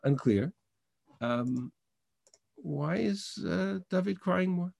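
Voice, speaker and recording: A man's voice: sits high, expressive, slow pace, creaky, a little mellow, no echo, clean studio sound. A man teaching a Bible class over a video call, reading verses in Hebrew and translating them with frequent restarts. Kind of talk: online text study lesson.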